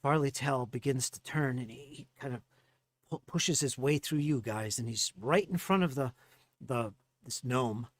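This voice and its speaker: A man narrating as game master of a tabletop game, animated and stumbling through restarts. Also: mid-range voice, moderate pace.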